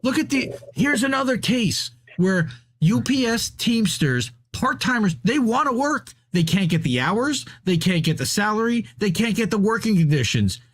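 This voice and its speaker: A man's voice: high-pitched, very animated, normal speed, few pauses, husky. A man co-hosting a podcast, ranting about labor in casual, profane, fired-up chat. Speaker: podcast co-host.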